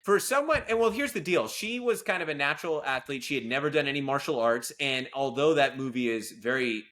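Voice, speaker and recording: A man chatting on a film podcast in a bright, forceful voice with a mid-range pitch. He talks with eager enthusiasm and wanders off into tangents as he goes. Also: animated, brisk. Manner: enthusiastic, rambling, full of asides. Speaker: podcast co-host. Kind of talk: casual podcast chat.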